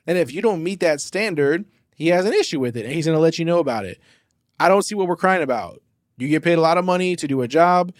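A man hosts a casual sports commentary show, his voice sitting a bit high. He rambles through his points with plenty of fillers, then lands on them in emphatic bursts. The sound is dry and close. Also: dry recording.

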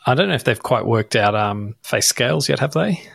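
A man's voice: mid-range voice, lively intonation, brisk, creaky, fairly bright tone, dry recording, studio quality. A man in his late thirties co-hosting a podcast, chatting casually and bluntly, swearing offhandedly. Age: 30s. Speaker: podcast co-host. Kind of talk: casual chat.

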